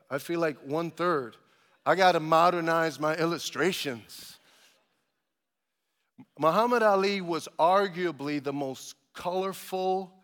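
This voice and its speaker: A man preaching a sermon as pastor, building to loud emphatic calls and asking his congregation for amens. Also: a little high, in a large hall.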